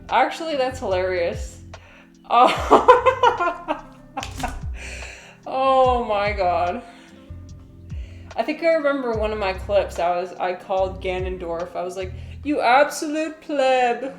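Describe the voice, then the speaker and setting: A woman's voice: mid-range voice, expressive, slow, pauses often, echoey room, soft background music. A woman chatting casually on a live stream, giggling and rambling with lots of fillers.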